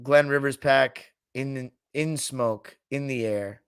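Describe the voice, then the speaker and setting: A podcast host with a medium-pitched, resonant voice talks basketball slowly and clearly, joking loosely, swearing freely and mimicking coaches while reading his live chat. The recording is dry and close, with no echo or room sound.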